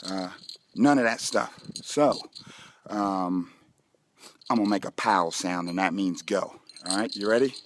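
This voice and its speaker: Goofy man pitching a kids' fun run. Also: a little slow, long pauses, background noise. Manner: goofy, playful, talks straight to children. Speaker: school staff member promoting a fun run. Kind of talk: joking promotional video for kids. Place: outdoors on school grounds, chilly.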